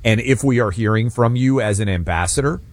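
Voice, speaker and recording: A man's voice: mid-range voice, brisk, no echo, clean studio sound. A man co-hosting a political talk radio show, giving his views assertively and speaking straight to listeners. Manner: opinionated, assertive, addresses listeners directly.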